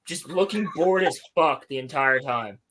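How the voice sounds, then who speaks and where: A young man on a podcast, recapping a show in casual chat, animated, profane and mocking. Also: mid-range voice, measured pace, a little hiss or hum. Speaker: podcast co-host.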